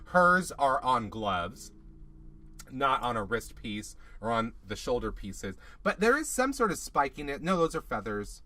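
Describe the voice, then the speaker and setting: A man co-hosting a casual recap show, chatty and snarky, breaking into quick mocking asides. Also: mid-range voice, very animated, sharp tone. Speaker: podcast co-host.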